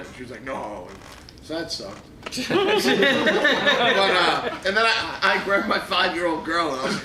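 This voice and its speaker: A man's voice: fairly high pitch, lively intonation, moderate pace. A man in his thirties, a podcast host telling stories in casual chat, laughing and swearing as he goes. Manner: laughing, profane storyteller. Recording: echoey room, distant mic, faint hiss.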